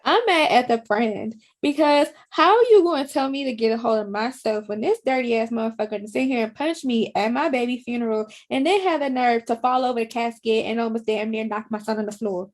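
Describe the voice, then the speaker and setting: A woman's voice: fairly high pitch, fairly quick, few pauses. A woman co-hosting a movie podcast, talking bluntly and cursing heatedly. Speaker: podcast co-host. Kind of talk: casual movie recap chat.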